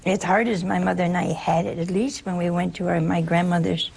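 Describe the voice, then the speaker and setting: A woman gives an informal spiritual talk, her voice gravelly and deeply husky, with a lot of rough grain. She keeps it chatty and humorous and acts out snippets of dialogue as she goes. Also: level tone, a little fast, darkish tone. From United States.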